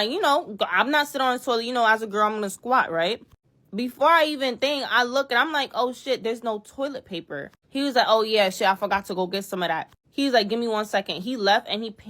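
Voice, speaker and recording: A woman's voice: fairly high pitch, fairly bright tone. A woman casually telling a dating story to her viewers, blunt and slangy, with exasperated asides.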